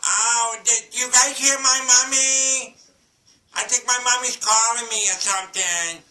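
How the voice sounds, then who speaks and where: A man's voice: very high-pitched, fairly even intonation, unhurried, bright, forceful tone, distant mic, a little hiss or hum, full character voice. A man playing a sweet, simple-minded ten-year-old boy with a Southern East Tennessee accent, talking in a childlike, rambling, repetitive way. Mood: chatty. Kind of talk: comedy skit monologue. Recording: roomy, away from mic.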